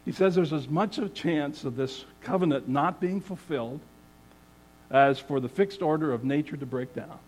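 A man preaching a sermon, earnest and measured, reading scripture aloud with emphasis. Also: fairly high pitch, a little mellow, poor audio.

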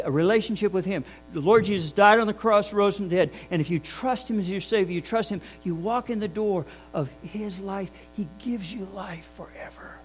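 An older male pastor giving a sermon, telling a folksy story with many restarts and swinging between loud emphasis and soft asides. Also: a little high, rough recording. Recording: mains hum behind the voice.

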